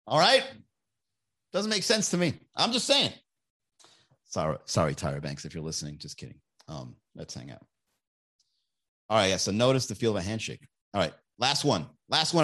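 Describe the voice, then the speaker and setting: A man's voice: on the high side, a bit bright. A man hosting a comedy podcast, chatting casually and reading viewer comments, profane and sarcastic, often laughing at his own jokes.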